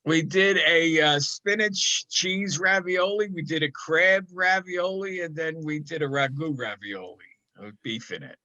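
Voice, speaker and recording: A man's voice: on the high side, unhurried, few pauses, sharp tone. An older man chatting as a podcast guest, telling stories in a good-natured, rambling way. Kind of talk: casual chat. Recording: slightly dull lo-fi sound.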